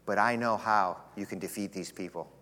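A man putting on a low, solemn prophet for hire. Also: moderate pace, bright, forceful tone, long reverb tail. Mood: insistent. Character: mercenary male prophet, calm and solemn.

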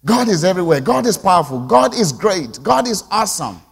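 A man preaching a sermon to his congregation, moving from quiet reflection to emphatic call-and-response. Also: high voice, big pitch swings, brisk, creaky, breathy edge, long reverb tail. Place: church sanctuary.

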